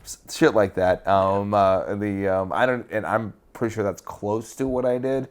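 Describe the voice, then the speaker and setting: A man with a fairly low voice, co-hosting a casual podcast. He rambles through his stories with plenty of "um"s and restarts. He swears freely and keeps a loose, offhand tone. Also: steady tone, normal speed. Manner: rambling, with frequent fillers and restarts. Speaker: podcast co-host.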